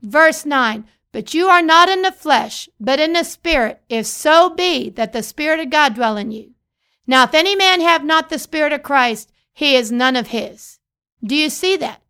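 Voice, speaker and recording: A woman's voice: sits high, animated, normal speed, pushed and bright. A woman pastor preaching a sermon, reading scripture and repeating phrases for emphasis.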